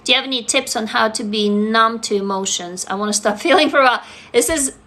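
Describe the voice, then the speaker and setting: A woman's voice: on the high side, fast talker, bright, forceful tone. A woman from Russia, chatting candidly on a live stream as an author, blunt, swearing freely and laughing through heavy topics. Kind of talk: casual live-stream chat answering comments.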